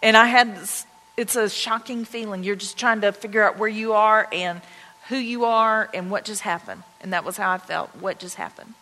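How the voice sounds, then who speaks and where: A woman pastor telling personal stories in a conversational, excited sermon to her congregation. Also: medium pitch, moderate pace. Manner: conversational, anecdotal, excited retelling. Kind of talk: storytelling sermon. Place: church sanctuary. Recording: long church-hall reverb.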